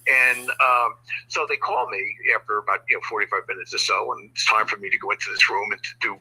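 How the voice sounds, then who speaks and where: An older man, a guest, telling a story in conversation, halting and restarting with many "you know"s. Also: fairly low pitch, fairly even intonation, bright, forceful tone, breathy edge, rough recording. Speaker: guest, former prosecutor.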